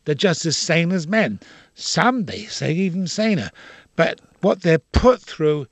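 An older man talks in an interview with emphatic, opinionated conviction, often repeating himself to drive a point home. His voice sits a little high for a man. The recording is dry and close, with no room sound. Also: very animated, measured pace, dry recording. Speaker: actor, interview guest. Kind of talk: casual interview talk.

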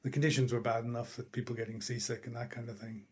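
A man on a rescue boat recounting events in a plain, even way. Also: medium pitch, quick pace. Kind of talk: interview.

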